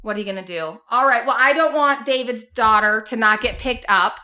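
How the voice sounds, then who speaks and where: Middle-aged woman, podcast host, bright tense voice, a bit high, blunt and joking. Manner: quick reactions, blunt and joking. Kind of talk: casual chat.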